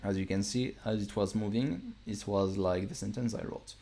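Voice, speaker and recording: Male producer, deep voice, casual stream walkthrough, relaxed and rambling with fillers. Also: moderate pace.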